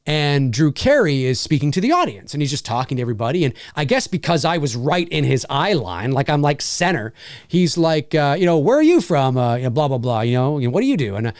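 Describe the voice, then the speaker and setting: A chatty man from Canada tells a story on a livestream, animated and full of fillers. His voice sits a little high and swings widely in pitch. The sound is dry and close. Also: fairly quick, no echo. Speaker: livestream host and voice actor.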